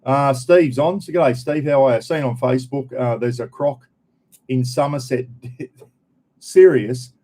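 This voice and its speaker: Male North Queensland Aussie host, casual live chat, mellow tone, rambling and slangy. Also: medium pitch, fairly even intonation, normal speed. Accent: North Queensland Australian. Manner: laid-back, rambling, broad colloquial slang. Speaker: vlogger. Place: home, indoors.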